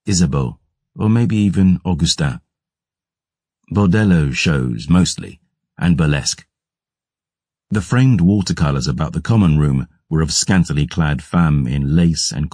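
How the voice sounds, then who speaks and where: A man giving gruff, measured first-person audiobook narration. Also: a bass voice, a little mellow, dry recording, clean studio sound.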